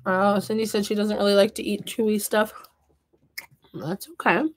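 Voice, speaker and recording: A woman's voice: medium pitch, level tone, normal speed. A woman hosting a casual craft livestream from her home office, chatting and reading out viewer comments. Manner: playful and upbeat. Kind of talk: casual chat while crafting.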